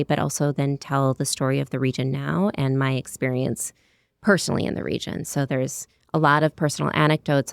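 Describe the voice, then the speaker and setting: An American woman in her thirties, a cookbook author, chats in an interview with a very deep, gravelly voice and a clean tone. The recording is dry and studio quality, and she speaks descriptively, sprinkling in plenty of "like" and "you know."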